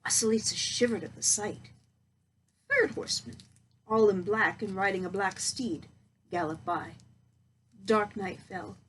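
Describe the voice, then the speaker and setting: A woman reading a storybook aloud, expressive and slowing down for suspense. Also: medium pitch, a little hiss or hum, low-quality recording.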